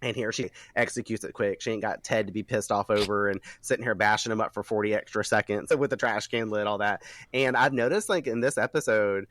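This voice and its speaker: Low-voiced man in a laughing, cussing recap. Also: fairly quick, a little hiss or hum. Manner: animated, laughs often, swears freely, reads scenes aloud with asides. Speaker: podcast host recapping episodes. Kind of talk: casual recap chat.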